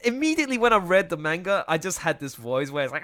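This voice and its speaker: A man hosting a casual livestream, talking in an animated, bright tone that leaps around in pitch. He laughs often and restarts his sentences as he goes. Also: a little fast. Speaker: livestream host and video editor.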